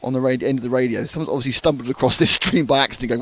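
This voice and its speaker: A man's voice: medium pitch, a bit bright. A man doing live race commentary, joking and teasing his co-host. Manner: jokey, quick, teasing. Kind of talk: live sport commentary with banter.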